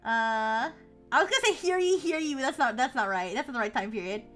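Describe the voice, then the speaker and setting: Young woman streamer, high and sharp-toned, casual sarcastic chatter, some music in the back. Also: sing-song, fast talker. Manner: reads text aloud with frequent laughs and sarcastic asides. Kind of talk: casual live-stream commentary.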